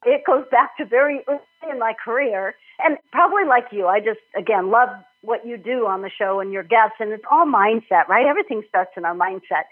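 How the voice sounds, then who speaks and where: Husky-voiced woman on a tinny line. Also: a little high, fairly quick, few pauses. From Minnesota, United States. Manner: warm, enthusiastic, laughs often. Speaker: author and nutrition guest. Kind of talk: podcast interview.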